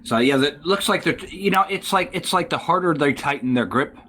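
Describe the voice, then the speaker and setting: A man hosting a casual tech talk show, rambling and halting with many fillers. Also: a little high, lively intonation, bright, forceful tone, breathy edge. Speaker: podcast host.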